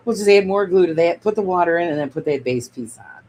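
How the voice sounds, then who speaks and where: A woman's voice: fairly low pitch, animated, fast, few pauses, darkish tone, slight background noise, poor audio. A woman hosting a casual miniature-crafting stream, chatting in a rambling way and answering viewer comments as she builds. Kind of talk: casual craft livestream chat.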